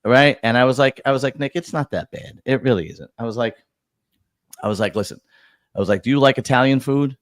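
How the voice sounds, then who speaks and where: Speaking fairly quickly in a mid-range voice, a middle-aged man hosts a podcast and swaps profane stories about work in loose conversation. He restarts sentences frequently; the studio-quality sound has no room noise.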